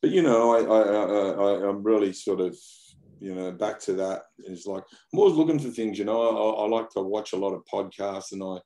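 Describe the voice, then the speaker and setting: A man's voice: lowish voice, brisk, warm tone. An Australian man talking in a casual interview, rambling and blunt, often repeating his words and using slang. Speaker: interview guest. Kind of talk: casual conversation.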